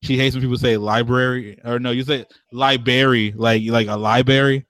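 A man's voice: medium pitch, fairly even intonation, brisk, fairly bright tone, dry recording. A man co-hosting a casual chat, talking in slang, swearing freely and laughing often.

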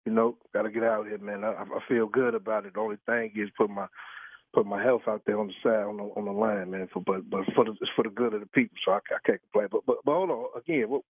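A man's voice: on the low side, fairly even intonation, fast, breathy edge, no echo. A man on a phone call, talking in a slangy, repetitive and indignant way as the target of a prank call. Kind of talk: heated phone argument. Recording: tinny phone line.

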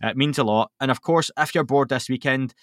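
A man's voice: mid-range voice, a little fast, no room sound. A man hosting a podcast in a loose, rambling way. His voice sits mid-range and is recorded close and dry, with no room sound. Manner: chatty, rambling, lots of fillers. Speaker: podcast host. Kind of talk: casual podcast chat.

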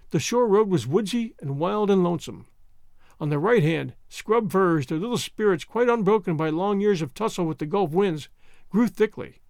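A man narrating a classic novel as an audiobook, in a measured, expressive storytelling manner. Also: high-pitched, no echo, clean studio sound. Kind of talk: scripted narration.

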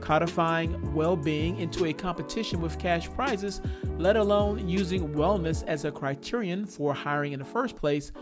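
A man's voice: a little high, moderate pace, over music. A man hosting a solo opinion podcast, talking in a thoughtful, reflective way and laughing now and then. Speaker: podcast host.

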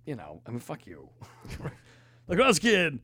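A middle-aged man from New England tells a casual, profanity-laced story as a podcast co-host. His voice sits a little high, and he talks with lots of energy. The recording is dry and close. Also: brisk, slightly rough, dry recording. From New England, United States. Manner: profane, animated storyteller, jumps into high-pitched acted quotes.

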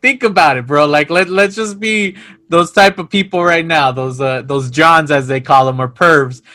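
A man's voice: a little high, normal speed, bright, forceful tone. A man co-hosting a podcast, joking around and laughing while recapping a movie. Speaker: podcast co-host. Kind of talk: casual movie chat.

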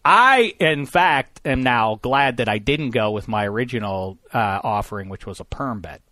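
A man's voice: medium pitch, animated, moderate pace, no room sound. Joking male sports podcast host. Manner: jokey, self-mocking, swings between loud and quiet. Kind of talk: casual sports chat. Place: studio.

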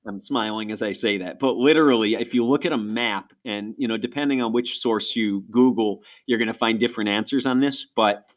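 A middle-aged man from Rochester, New York, talks through a subject in a podcast conversation. His voice sits a little low. He keeps it animated with quick asides as he explains. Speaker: ministry guest speaker.

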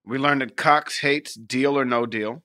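Bright-voiced man joking on a podcast. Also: medium pitch, fairly even intonation, a little slow. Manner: joking, teasing, swears casually. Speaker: podcast co-host. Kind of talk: casual chat.

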